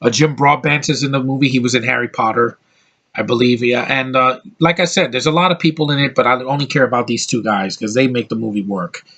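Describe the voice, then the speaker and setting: A man's voice: mid-range voice, brisk, bright, forceful tone, breathy edge. An American man giving a casual, rambling film review, blunt and opinionated, swearing freely and restarting his sentences often. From United States. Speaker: movie reviewer.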